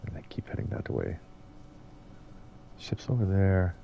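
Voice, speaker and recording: A man's voice: deep voice, huge pitch swings, a little slow, creaky, lo-fi sound, slight background noise. A middle-aged man from the United States giving rambling, casual commentary as he streams a game and chats to viewers. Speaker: gaming streamer.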